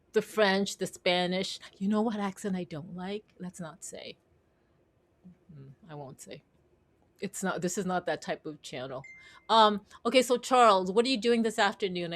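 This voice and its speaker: A woman's voice: fairly low pitch, fairly bright tone. Bubbly chatty woman host. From Canada. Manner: bubbly, giggly, rambling. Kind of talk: casual livestream chat.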